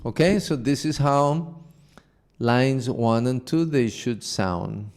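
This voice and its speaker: Slow-spoken man teaching chant. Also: mid-range voice, darkish tone, faint music behind. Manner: patient, slow instruction with sung demonstrations of a chant. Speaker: music teacher. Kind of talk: online class on chanting with harmonium.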